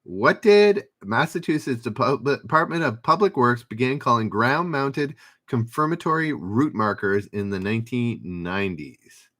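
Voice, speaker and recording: A man hosts a live trivia stream, taking his time over each question. His pitch swings widely as he reads out viewers' answers and drops dry jokes between rounds. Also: a bit bright. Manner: reads questions and chat names, dry asides. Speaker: trivia livestream host. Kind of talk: livestream trivia hosting.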